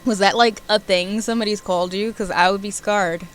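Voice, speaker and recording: A woman's voice: medium pitch, a little fast, music in the background. Chatty giggly woman streamer. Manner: chatty, animated, giggly, rambling. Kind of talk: casual chat with stream viewers.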